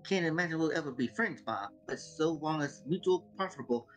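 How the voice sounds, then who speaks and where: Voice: medium pitch, expressive, fairly quick, soft background music, low-quality recording. Casual player speaking a character's lines. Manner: casual, thinking aloud, stumbling over words. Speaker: player choosing dialogue. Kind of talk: role-playing dialogue on a game stream.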